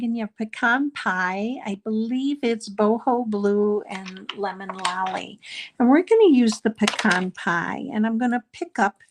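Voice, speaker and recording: A woman's voice: a little high, a little slow, a little hiss or hum. A middle-aged woman leading a live card-making class, explaining each step in a chatty way with frequent ums. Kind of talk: live crafting class demonstration.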